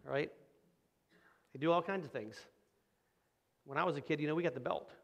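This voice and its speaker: A man's voice: a little high, moderate pace, creaky, dull audio. A middle-aged man preaching a conversational sermon, asking rhetorical questions and acting out quoted voices. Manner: acts out quoted voices of kids and parents. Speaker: pastor.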